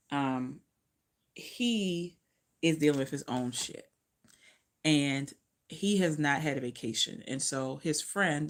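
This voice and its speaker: A woman's voice: low-pitched, creaky. A woman casually recapping a romance novel she just read, chatty and profane, often losing track and correcting herself. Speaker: book reviewer.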